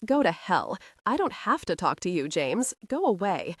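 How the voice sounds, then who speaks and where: A hot-tempered young tomboy who snaps back and won't back down as a woman reads her. Her lines jump around in pitch. Dry, close audiobook reading. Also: very animated, moderate pace, slightly rough, dry recording. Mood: angry. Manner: defiant, sharp-tongued. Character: fiery tomboyish young woman, defiant and sharp-tongued.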